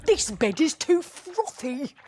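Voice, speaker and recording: A woman voicing a fussy, choosy little male bear in a storybook reading, with a squeaky, drawn-out complaining voice. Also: very animated, a little mellow, a little hiss or hum, exaggerated voice.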